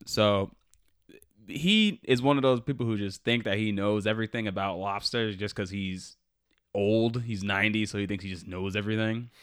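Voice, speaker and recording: A man's voice: on the low side, normal speed, clear, resonant tone, no room sound, clean studio sound. A young man on a podcast, telling a work story in casual chat and acting out quoted voices, with a lot of "like". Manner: animated, acts out quoted voices, lots of "like". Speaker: podcast co-host.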